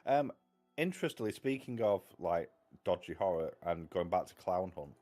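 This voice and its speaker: A man's voice: deep voice, lively intonation, moderate pace, warm tone, soft background music. A man chatting casually as a book channel host, rambling and wry, cutting himself off mid-sentence. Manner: rambling, self-interrupting, wry. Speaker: booktube host. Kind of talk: casual chat.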